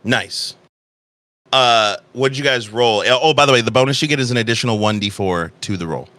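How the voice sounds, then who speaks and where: A man running a tabletop game, his voice bright and forward, spinning slow, dramatic descriptions broken by casual asides. The mic is close and dry with no room around him. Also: mid-range voice, no room sound. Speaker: game master.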